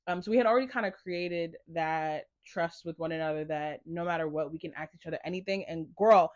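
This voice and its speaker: A young woman and content creator talking in a casual confessional vlog, animated and chatty, full of "like.". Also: deep voice, quick pace, few pauses, no room sound. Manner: chatty, animated storytelling with lots of "like".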